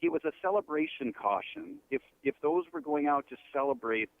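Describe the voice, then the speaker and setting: A man's voice: a little high, lively intonation, brisk, narrow, tinny audio. A man co-hosting a radio talk show, teasing dryly and choosing his words carefully. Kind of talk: casual radio chat.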